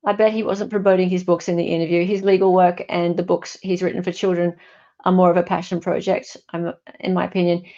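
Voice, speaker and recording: A woman's voice: lowish voice, flat delivery, brisk, mellow. An Australian woman hosts a casual livestream and reads viewer comments aloud. She talks in a chatty, wry way and corrects herself mid-sentence. The recording sounds dull and lo-fi. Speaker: online commentator.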